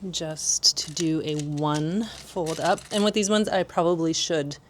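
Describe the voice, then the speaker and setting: A woman's voice: deep voice, measured pace, a little hiss or hum. A young woman chatting casually in a home vlog, rambling and laughing often. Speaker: vlogger. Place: home room.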